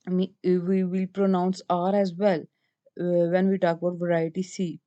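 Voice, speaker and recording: Mellow-voiced woman with a Pakistani accent. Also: lowish voice, little pitch movement, lo-fi sound. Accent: Pakistani English. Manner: explains each slide point with halting restarts. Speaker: lecturer. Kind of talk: slide-based lecture.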